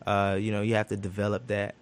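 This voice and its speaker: A man's voice: on the low side, monotone, fast, clean tone. A man, a professional football cornerback, answering questions in a studio interview, thoughtful and full of fillers and restarts.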